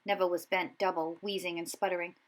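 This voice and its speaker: A woman reading a children's storybook aloud, expressive and giving each character a voice. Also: fairly low pitch, fast, poor audio. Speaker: audiobook reader.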